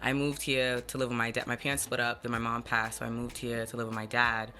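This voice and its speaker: A woman in her twenties with a deep, low voice, chatting casually as a podcast guest and using lots of fillers. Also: fast talker, faint music behind. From born in the US, early years in Ghana, raised in New Jersey. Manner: relaxed, filler-heavy, often says "like" and "you know what I'm saying". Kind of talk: casual conversation.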